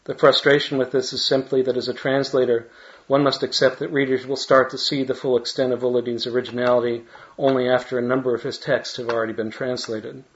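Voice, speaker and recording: Man, academic talk, mid pitch, halting asides, slightly muffled lo-fi recording. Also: little pitch movement. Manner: academic, hesitant in asides with many restarts. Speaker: literary translator giving a talk. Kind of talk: reading a paper with spoken asides.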